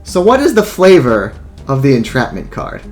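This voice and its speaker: A man of middling pitch talks through a card game in a casual, profane let's play style, thinking aloud about each move. Faint music plays underneath. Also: wildly swooping pitch, moderate pace, a little mellow. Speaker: gameplay commentator.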